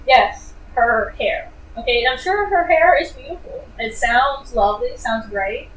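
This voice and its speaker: A woman with a fairly high voice gives a casual book review, animated and sarcastic, with plenty of fillers. She sits some distance from the mic in a roomy, echoey space, with faint noise behind her. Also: a little slow.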